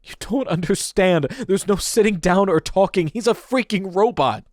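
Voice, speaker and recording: A man voicing a panicked, desperate teenage boy in an audiobook, frantic and shouting. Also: mid-range voice, moderate pace, no echo, studio quality, pitched above the performer's own voice, natural voice.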